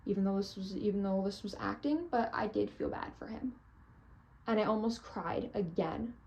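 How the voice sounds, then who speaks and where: A woman's voice: mid-range voice, moderate pace, creaky, a little mellow. A teenage girl gushing about a theater trip, breathless and full of "like" and "oh my gosh". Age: teens. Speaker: theater fan vlogger. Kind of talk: excited storytelling.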